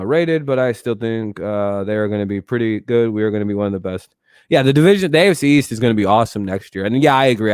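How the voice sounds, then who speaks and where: Excitable, profane man on a sports stream. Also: lowish voice, smooth, dry recording, clean studio sound. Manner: excitable, profane, talks back to chat. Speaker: streamer host. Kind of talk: casual live-stream sports talk.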